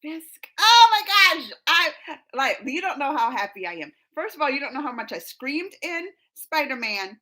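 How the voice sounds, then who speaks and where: A young woman with a high, bright voice chats through a live stream, reading viewer comments aloud. She is excitable and laughs often, breaking into squeals of enthusiasm. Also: moderate pace. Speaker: streamer hosting a live chat.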